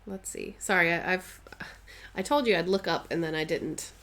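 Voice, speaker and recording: A woman's voice: lowish voice, normal speed, a bit bright. A woman chatting casually on a live stream while she stitches, answering viewers' comments and playfully dramatizing her stories.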